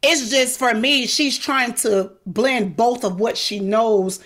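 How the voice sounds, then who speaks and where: In an interview, a middle-aged woman whose voice sits a little high makes her case emphatically and outspokenly, livening things up with brief quoted asides. She is a podcast host or guest.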